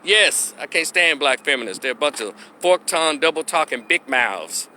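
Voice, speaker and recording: A man's voice: on the high side, lively intonation, moderate pace, bright, forceful tone, a little hiss or hum. A man delivering a blunt, profane, mocking rant outdoors as an opinion vlogger. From Memphis, Tennessee. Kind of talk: unscripted rant.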